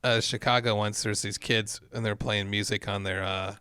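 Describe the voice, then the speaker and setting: A man's voice: on the low side, fairly even intonation, normal speed, sharp tone, dry recording, studio quality. A man co-hosting a comedy podcast, cracking crude, mocking jokes in casual chat. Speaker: podcast co-host.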